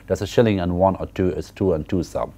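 A man's voice: deep voice, fast, dark tone, natural voice. A man reading aloud the lines of a humble, deferential old Irish milk woman.

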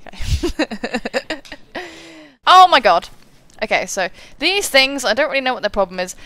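A woman hosting a let's play, giving casual gameplay commentary, giggly and excitable with sudden exclamations. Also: fairly high pitch, moderate pace, no echo.

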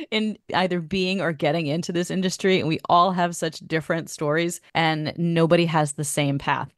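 A woman co-hosts a podcast interview, speaking in a notably low voice. She makes reflective remarks to her guest. The sound is dry and close, with no room in it. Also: no echo. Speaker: co-host.

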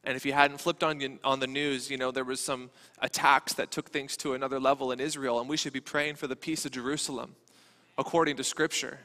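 A man preaching a sermon as a pastor, speaking in a conversational, animated way. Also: medium pitch, a little fast. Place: church sanctuary. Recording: long church reverb.

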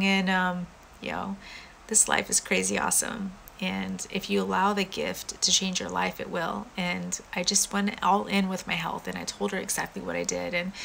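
A woman's voice: fairly low pitch, gravelly, sharp tone, slight background noise, low-quality recording. A woman talking casually and earnestly to her viewers on a live stream from home, rambling with many fillers. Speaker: vlogger going live.

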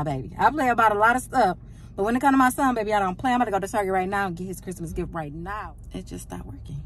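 Chatty woman vlogging on her phone. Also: fairly low pitch. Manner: chatty, talks straight to the viewers with lots of "y'all". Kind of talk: casual vlog chat to the viewers. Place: walking through a big store. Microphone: phone held in hand. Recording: phone audio with clear background noise.

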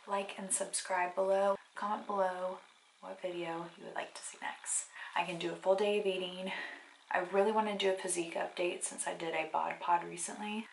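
A woman's voice: lowish voice, flat delivery, normal speed, creaky, a little hiss or hum, rough recording. A young woman talking casually to camera in a vlog, chatty and rambling with lots of filler words. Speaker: vlogger.

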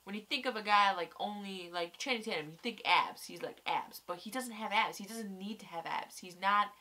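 A woman's voice: mid-range voice, brisk. Rambling young woman with a stuffy nose. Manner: rambling, excitable, swears a lot. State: tired. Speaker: vlogger reviewing a TV episode. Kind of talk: casual chat.

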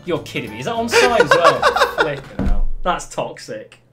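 Young gamer; animated, frustrated shouting and laughing over play, soft backing music. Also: male voice, sits high, normal speed. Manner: loud exasperated outbursts and laughter. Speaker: gaming YouTuber. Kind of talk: excitable gameplay commentary.

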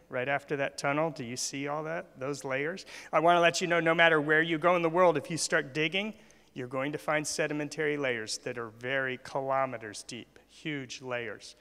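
Male church speaker with a fairly high, forceful voice who quizzes the audience. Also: steady tone, normal speed, creaky, smooth. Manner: asks the audience questions. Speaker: guest speaker. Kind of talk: church talk. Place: church hall. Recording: long hall reverb.

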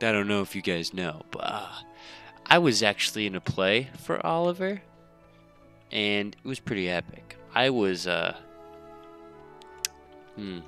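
A man's voice: on the low side, bright, forceful tone. A young man giving casual let's-play commentary, rambling with joking asides. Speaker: gaming video host.

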